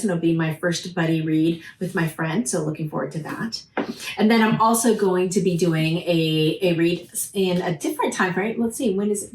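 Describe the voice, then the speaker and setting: A woman chatting casually to her viewers about her reading week, animated and full of restarts. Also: on the low side, reverberant, slight background noise, poor audio. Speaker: book vlogger. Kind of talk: casual chat to camera.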